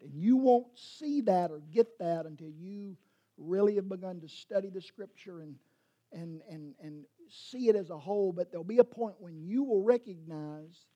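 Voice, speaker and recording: A man's voice: high voice, moderate pace, warm tone. A man, a pastor preaching a sermon in a rambling, self-correcting way and teasing his congregation.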